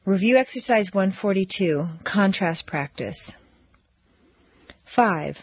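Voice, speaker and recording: Slow, carefully enunciating woman teacher. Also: medium pitch, lively intonation, breathy edge, dry recording. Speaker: language teacher. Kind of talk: scripted pronunciation drill. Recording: dull lo-fi audio.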